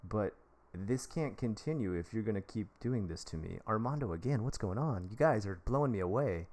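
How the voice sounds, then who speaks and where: A man in his thirties with a fairly low voice talks casually on a live stream. He gives relaxed, rambling advice. He keeps breaking off in excitement to thank viewers. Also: fairly quick. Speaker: livestream host giving advice.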